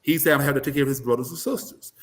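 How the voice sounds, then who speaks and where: A man giving blunt, animated opinions as an interview guest, breaking into mocking voices to make his points. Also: medium pitch, rapid-fire. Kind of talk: casual political commentary.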